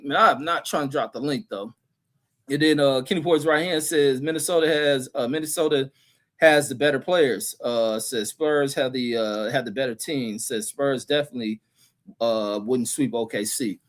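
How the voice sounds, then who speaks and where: Casting: man, livestream host, slightly high voice, loose profane chat-reading rant, close mic. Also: a bit bright. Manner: loose, profane, repeats himself, trails off reading comments. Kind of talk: casual profane sports rant.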